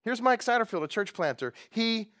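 A man preaching as a pastor at a church gathering. He delivers his sermon in an animated, joking way and laughs often. His pitch is a touch high for a man and swings widely from phrase to phrase. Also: normal speed.

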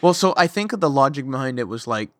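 A man hosts a casual podcast in a loose, chatty way, full of "like" and "you know". His voice sits at a middle pitch and sounds close and dry. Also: very animated, brisk, a bit bright, no room sound. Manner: loose, chatty, lots of likes. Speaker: podcast host.

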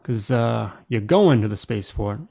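A man voicing a brusque officer at a checkpoint in a tabletop game, high and clipped. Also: expressive, moderate pace, vocal fry, warm tone. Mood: officious.

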